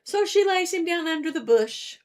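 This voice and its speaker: A woman's voice: extremely high pitch, lively intonation, moderate pace. A woman leading a children's story hour in a church, retelling a story while acting it out with her fingers and showing a craft.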